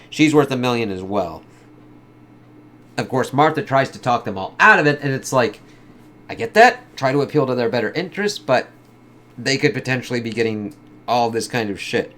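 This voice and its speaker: Casual and profane, this comic book review comes from a man who peppers his speech with "kind of" and "like." He speaks a little fast, in a medium-pitched, slightly bright voice.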